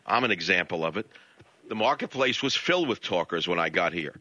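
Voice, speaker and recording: A man's voice: deep voice, expressive, a little fast, sharp tone, dry recording. New York-accented older male radio host. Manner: candid, self-deprecating, conversational. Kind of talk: talk radio monologue. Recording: dull lo-fi sound, dry.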